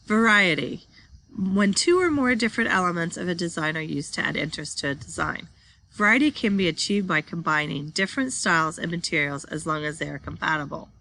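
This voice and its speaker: A woman's voice: fairly low pitch, brisk, gravelly, sharp tone. A woman teaching a class, reading slide text aloud and then explaining it while pointing at pictures.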